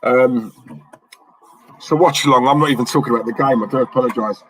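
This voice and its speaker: Chatty young London bloke, dry sound. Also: male voice, medium pitch, a little fast, a bit bright, husky, dry recording, poor audio. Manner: chatty, rambling, reads chat messages aloud. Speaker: watchalong host. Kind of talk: casual live-stream chat.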